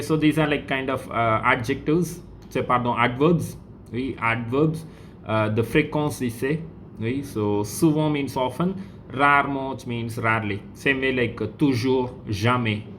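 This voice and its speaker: Indian-accented male teacher, mid-pitched, patient explainer, faint hiss behind. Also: a bit bright. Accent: Indian English. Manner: explains slowly, repeats words, many okays. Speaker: French teacher. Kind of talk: classroom lesson.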